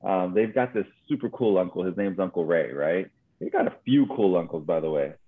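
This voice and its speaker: A man's voice: low voice, lively intonation, fairly quick. A man from El Paso, Texas telling a story in casual chat, rambling and ending lines with "right?". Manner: rambling, repeats words, tag questions "right?". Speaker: podcast co-host. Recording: phone-like narrow band.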